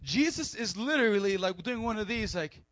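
A man preaching a sermon, animated with joking asides and loud emphatic peaks. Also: sits high, normal speed, no echo. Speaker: pastor.

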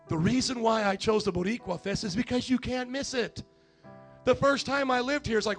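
A high-pitched male pastor delivers an energetic sermon, slipping into the voices of the people he quotes and rising to loud, emphatic peaks. He preaches in a church sanctuary, with a faint band playing softly behind him. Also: moderate pace, soft background music.

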